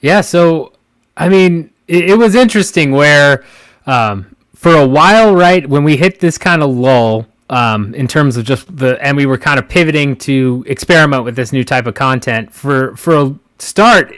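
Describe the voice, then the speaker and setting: A man's voice: mid-range voice, moderate pace, a bit bright, dry recording. An American man as a podcast guest, candidly explaining his path in a self-deprecating way. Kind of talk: casual chat.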